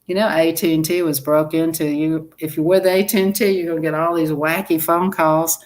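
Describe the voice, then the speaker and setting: A woman's voice: sits low, fairly even intonation, fairly quick, a little mellow. A woman chatting casually to her live-stream viewers, rambling and laughing often.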